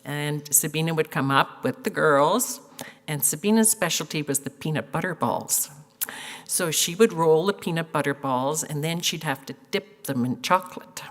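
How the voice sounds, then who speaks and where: Older lady telling funny stories at a funeral, deep-ish voice, echoey hall. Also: moderate pace. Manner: warm storytelling with fillers and laughs. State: tearful. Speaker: eulogy speaker. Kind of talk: funeral eulogy.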